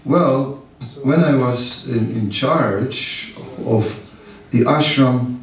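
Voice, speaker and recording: A middle-aged monk giving a seminar talk, self-mocking and anecdotal, laughing often and rambling with fillers. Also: male voice, medium pitch, extremely slow. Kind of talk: spiritual talk to a live audience. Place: large seminar hall. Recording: echoey hall, distant mic, audience.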